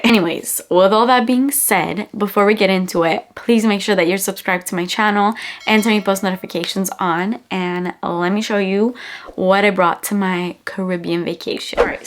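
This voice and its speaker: Chatty congested young woman vlogger. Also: medium pitch. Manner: chatty and gushing, lots of "like". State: congested, stuffy-nosed. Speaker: beauty vlogger. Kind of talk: casual perfume review vlog. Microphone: camera-mounted mic.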